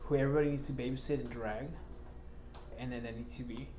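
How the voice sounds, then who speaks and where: A man's voice: mid-range voice, fairly even intonation, quick pace. A man co-hosts a laid-back podcast, rambling through a story with lots of "like" and restarts. His speech is loose and profane. Faint background noise runs under his voice. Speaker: podcast co-host. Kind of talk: casual chat.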